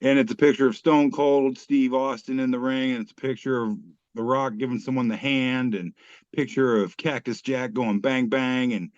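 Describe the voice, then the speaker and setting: A man's voice: medium pitch, fairly even intonation, normal speed, no echo, dull audio. A man hosting a casual comedy podcast, joking, swearing and reading posts aloud. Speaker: podcast host.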